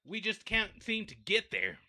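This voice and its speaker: A man's voice: sits high, wildly swooping pitch, a little slow, pushed and bright. A young man hosting a livestream, ranting and rambling in a repetitive, fed-up way while addressing his viewers directly. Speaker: livestream host.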